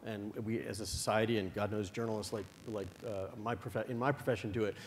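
A man moderating a conference panel as a journalist, halting and restarting his sentences as he thinks aloud. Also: on the low side, steady tone. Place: conference hall. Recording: long hall reverb, faint noise.

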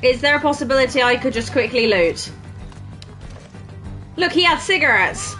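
A woman chatting her way through a video game, swearing often and laughing at her own blunders. Her voice sits high and swoops up and down a lot, with a bright, forward tone. Game music plays faintly behind her. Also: expressive, normal speed. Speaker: gaming streamer. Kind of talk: casual let's-play commentary.

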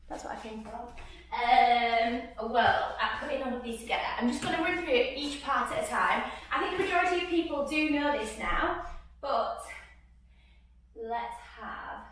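A woman with a high, bright voice leads a group singing session, chatty and cheerful, breaking into song between explanations. She speaks slowly and is heard from a distance in a very echoey room. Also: slight background noise. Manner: cheerful, chatty, laughs, sings and claps along. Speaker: music session leader. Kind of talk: online singing lesson. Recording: echoey room, from far off the mic.

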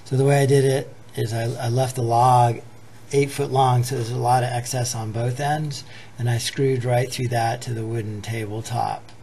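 A man casually explaining a woodworking project, thinking aloud in a relaxed way as he works. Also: medium pitch, moderate pace, a little hiss or hum.

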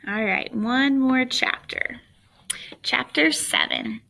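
Brief: expressive teacher reading a children's book to students, bright, forceful tone. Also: female voice, high-pitched, slow, gravelly. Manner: expressive, chatty asides to listeners.

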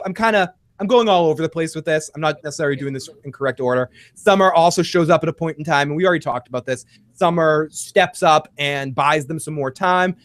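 A man hosting a casual recap show and taking calls, talking in an excitable, rambling way and swearing a lot. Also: a little high, no echo. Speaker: podcast host taking calls.

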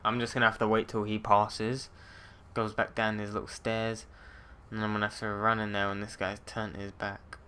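A man's voice: fairly low pitch, completely flat delivery, moderate pace, pushed and bright, slight background noise. A young man commentating on his gameplay, muttering and swearing at the game in frustration. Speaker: let's play gamer.

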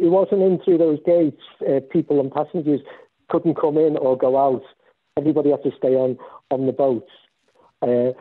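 A man casually telling stories about volunteering on a sailing ship, rambling with many restarts. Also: fairly high pitch. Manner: rambling, animated when storytelling. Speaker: guest speaker. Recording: tinny phone-like line.

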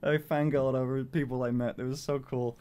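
A young man, chatting casually on a stream, excitable and swearing, with lots of "like". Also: medium pitch, a little fast, smooth.

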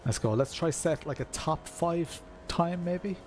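A man's voice: on the high side, unhurried, a little mellow, a little hiss or hum. An Irish man chatting casually to viewers by name while live-streaming a racing game from a room at home. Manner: chatty, greets viewers by name, many fillers.

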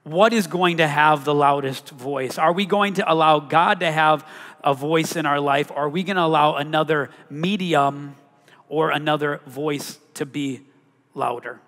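A man's voice: on the high side, fairly even intonation, measured pace, fairly bright tone. A man preaching a sermon as pastor, emphatic, rising on key words and asking the congregation questions. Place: church sanctuary. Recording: long hall reverb.

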